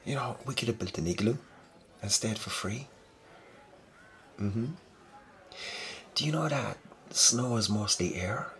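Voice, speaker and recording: A young man's low-leaning voice carries this gentle boyfriend role-play, unhurried and full of frequent pauses. Affectionate and teasing toward the listener, he now and then lowers into breathy murmurs.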